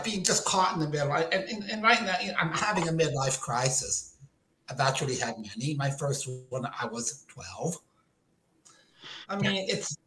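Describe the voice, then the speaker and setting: A man runs a self-mocking stand-up bit packed with puns. His fairly high voice jumps all over the place. The room around him echoes, and he comes through a video call. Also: fairly bright tone. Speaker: comedian. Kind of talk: stand-up comedy routine.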